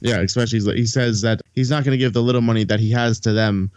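A man's voice: medium pitch, fairly even intonation, fast, darkish tone, no echo. A man recapping a movie in a casual podcast chat, rambling and swearing freely while acting out the characters' lines.

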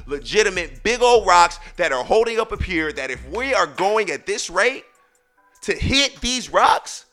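A young man hosting a podcast, telling a dramatic story and working up to shouts. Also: high voice. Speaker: podcast host. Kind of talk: animated storytelling.

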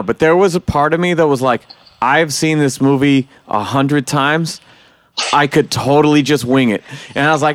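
A man's voice: on the high side, moderate pace, dry recording. A man hosting a casual podcast chat, loose and swearing, acting out quotes. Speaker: podcast host.

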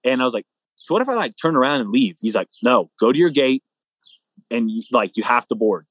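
A young man, a guest athlete, telling a long story in a casual, animated way, acting out both sides of the dialogue. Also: medium pitch, fairly quick, dry recording.

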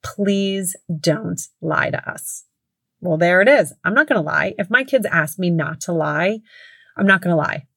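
A woman's voice: on the low side, expressive, fairly quick, a bit bright, dry recording. A woman in her thirties or forties, a mother hosting a podcast, telling a story casually with lots of fillers and self-corrections.

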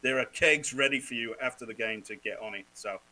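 A man from Wales, a guest on a sports podcast, telling lively stories, swearing freely and laughing often. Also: medium pitch, a little fast, a little hiss or hum, poor audio. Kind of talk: casual chat.

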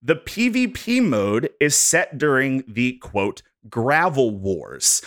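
Male podcast host, bright and animated, jokey presenter of notes. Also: mid-range voice, slow pace. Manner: animated, jokey, reads prepared bullet points. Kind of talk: casual podcast chat.

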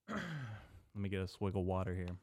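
A young man hosting a casual solo podcast, rambling and swearing, drifting between mumbled asides and loud venting into a desk microphone. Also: deep voice, level tone, unhurried, no room sound, clean studio sound. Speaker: podcast host. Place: small indoor room.

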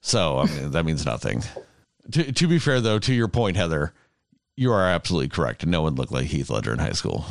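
A man's voice: a bass voice, very animated, brisk, creaky, no room sound, clean studio sound. A man, rambling and swearing casually as a podcast host. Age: 30s. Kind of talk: casual chat.

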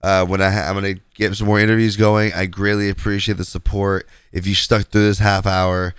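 A man's voice: sits low, flat delivery, brisk, clear, resonant tone, no echo, clean studio sound. A man hosting a casual gaming podcast, talking bluntly and with strong opinions through a stuffy, nasal voice from a cold. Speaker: podcast host.

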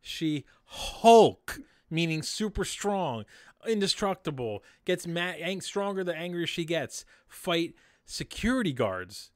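Podcast co-host, male, sarcastic ranter, fairly high pitch, dry close sound. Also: unhurried, dry recording. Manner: animated ranting, sarcastic. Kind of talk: casual podcast chat.

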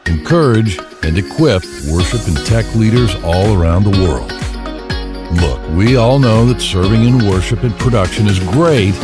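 A man reads a scripted show intro in a lively, expressive announcer voice that swings up and down. His voice is a little low, and loud music plays under it. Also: moderate pace.

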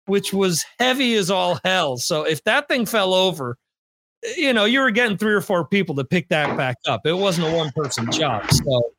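A man's voice: high voice, animated, moderate pace, fairly bright tone, a little hiss or hum. A man hosting a podcast in casual chat with listeners, rambling with restarts and fillers. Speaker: podcast host.

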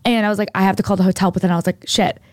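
A woman's voice: medium pitch, very fast, dry recording, studio quality. Chatty young woman, rambling storyteller. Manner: rambling, heavy use of "like", animated retelling. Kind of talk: casual storytelling chat.

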